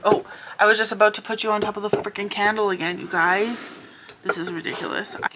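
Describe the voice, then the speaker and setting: A woman in her thirties vlogging at her desk at home, talking fast and mumbly, rambling with lots of restarts and asides. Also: medium pitch, steady tone, noisy background. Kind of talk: casual rambling vlog. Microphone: camera on desk.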